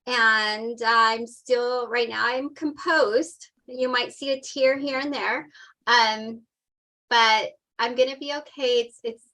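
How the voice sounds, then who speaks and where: A woman's voice: on the high side, steady tone, slow pace, bright, forceful tone. A woman in her forties, a podcast guest, talking openly and emotionally in a casual chat. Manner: open, emotional, talkative.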